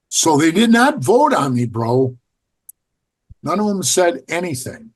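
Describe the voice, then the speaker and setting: Speaking at a measured pace, this middle-aged man has a slightly high, husky, sing-song voice. He's a former biker club member and podcast guest, casually recounting blunt, profane anecdotes and performing the lines he quotes.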